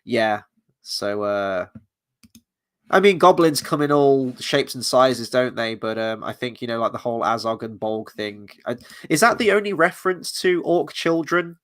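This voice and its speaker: A man's voice: medium pitch, animated, moderate pace. A man hosting a casual review chat, talking bluntly and reading out viewer comments. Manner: blunt, swears, reads viewer comments aloud. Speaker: host.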